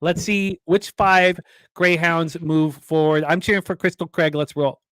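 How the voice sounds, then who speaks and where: A man's voice: on the high side, fairly even intonation, a little slow, a bit bright, clear, resonant tone, dry recording, clean studio sound. A man co-hosting a sports betting show, teasing his partner and calling a race play by play. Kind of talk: casual chat and race commentary.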